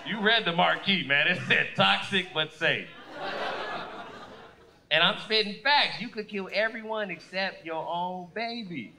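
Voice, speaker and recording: A man doing a stand-up comedy set on a club stage, loud and animated, shouting his punchlines into a handheld mic. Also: sits high, a little slow.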